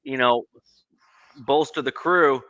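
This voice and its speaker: A man with a mild Canadian accent, co-hosting a casual sports podcast, measured and hedging with frequent ums. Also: mid-range voice, sharp tone, no room sound, highs cut off. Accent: Canadian, close to American. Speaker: podcast co-host.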